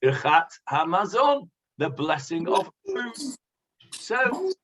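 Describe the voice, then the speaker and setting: A man, a rabbi, leading a conversational Bible class, pausing with many fillers and asking the class questions. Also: high voice, sing-song, fairly bright tone. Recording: dull lo-fi sound.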